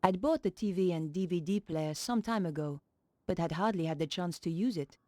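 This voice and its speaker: A woman's voice: on the low side, a little fast, mellow, no room sound, close to an everyday voice. An actress voicing a female journalist heroine, narrating her thoughts in a dry, matter-of-fact way. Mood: calm.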